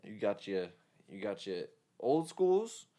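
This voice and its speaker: A man's voice: lowish voice, very animated, takes it slowly, warm tone. Casual New York man on a live stream. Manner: loose, swears freely, chats with viewers. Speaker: mixing engineer streaming live. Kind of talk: casual livestream chat.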